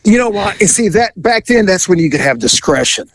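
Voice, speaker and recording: A man's voice: high-pitched, fairly quick, no room sound, rough recording. A man hosting a podcast, telling a comic police story with laughter and voice impressions. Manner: animated, laughing, mimics voices.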